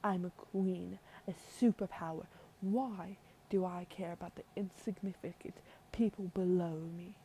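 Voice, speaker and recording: A woman's voice: fairly low pitch, steady tone, a little slow, hardly any pauses, mellow, slight background noise. A woman putting on a haughty British queen. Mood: disdainful. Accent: put-on British. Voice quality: imperious, scornful. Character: haughty proud queen mother, woman, middle-aged.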